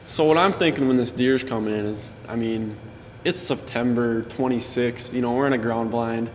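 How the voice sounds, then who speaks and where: A man's voice: mid-range voice, steady tone, normal speed, in a large hall, a little hiss or hum. A man who filmed a hunt, telling the story casually in an interview, with plenty of fillers. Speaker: cameraman and hunting partner.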